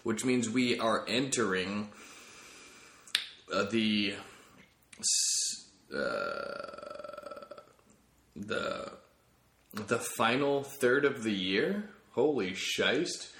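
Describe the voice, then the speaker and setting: Low-voiced rambling comedy podcast man. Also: lively intonation, extremely slow, pauses often, fairly bright tone, roomy sound. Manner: rambling, self-correcting, jokey. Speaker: podcast host.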